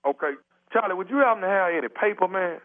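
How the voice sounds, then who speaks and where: A man plays a desperate guy stranded on a toilet in a prank phone call. His high voice races through pleas full of "man" and "dog". It all comes through a thin, tinny phone line. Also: lively intonation, quick pace. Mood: pleading. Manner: pleading, repeats "man" and "dog".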